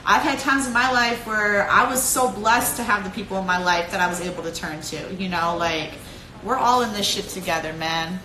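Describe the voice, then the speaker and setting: A young woman with a Cleveland accent talks straight into her phone on a live stream, swearing freely and laughing often. Her voice is bright and clear, and the room around her echoes. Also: mid-range voice, normal speed. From Cleveland, Ohio. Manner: profane, animated, laughs often. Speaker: fighter streaming live to followers. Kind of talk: casual live-stream pep talk.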